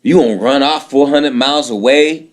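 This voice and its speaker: Man, late 30s, bitter personal monologue, aggrieved, repetitive, profane, mid-pitched voice. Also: moderate pace.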